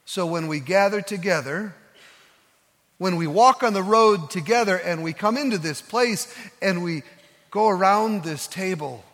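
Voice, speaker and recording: Male pastor, sermon, earnest storyteller with slow soft emphases, high voice, church reverb. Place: church sanctuary.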